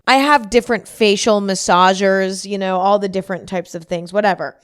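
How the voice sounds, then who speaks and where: Young woman podcast host, casual chatty monologue, mid-pitched and smooth, acts out her inner voices. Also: steady tone, a little fast, a bit bright. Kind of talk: casual solo podcast chat.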